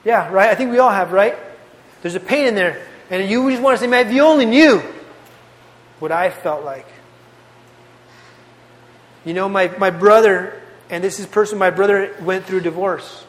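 A man delivers a youth sermon in an earnest, conversational way, looping back on his phrases for emphasis. His voice sits high. The sound carries a long reverb from a large hall. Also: moderate pace, long pauses, fairly bright tone. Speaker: youth pastor.

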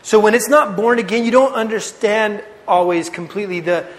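Young guy preaching to the youth, high voice, loose slangy storytelling, echo hanging in a big hall. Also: brisk. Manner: casual, animated storytelling with slang. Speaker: youth speaker. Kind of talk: testimony sermon. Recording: long hall reverb.

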